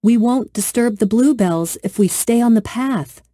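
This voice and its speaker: An eager older sister from a children's story, coaxing and in a hurry, as a woman reads her part. The voice is lifted a little and has a dark, mellow tone, close and dry. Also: a little high, lively intonation, no echo, pitched above the performer's own voice. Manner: coaxing, hurried.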